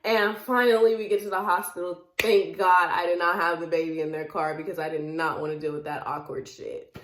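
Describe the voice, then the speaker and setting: Young woman telling a lively story in an echoey room. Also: on the low side, fairly quick. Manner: animated, laughs often while telling, acts out quoted lines. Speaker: vlogger. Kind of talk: casual storytelling.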